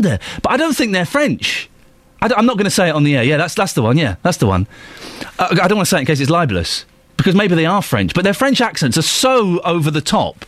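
Radio guy riffing sarcastically, fairly high voice, bouncy delivery. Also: big pitch swings, brisk, a bit bright, no room sound. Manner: chatty, sarcastic, jokey asides. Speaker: radio show host. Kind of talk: casual talk radio chat.

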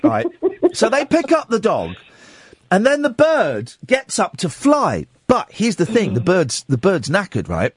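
A man hosting a radio phone-in, telling stories with lively energy and acting out voices. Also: high voice, unhurried, breathy edge, dry recording, clean studio sound. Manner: animated storytelling, acts out voices. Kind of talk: late-night radio phone-in chat. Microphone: studio microphone.

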